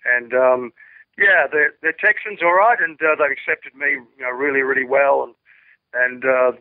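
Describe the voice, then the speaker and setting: Speaking by telephone on a dry, tinny line, an Australian man in his sixties, a rock singer, loosely chats through an interview. His mid-range voice keeps a moderate pace, and he wanders with plenty of fillers and restarts.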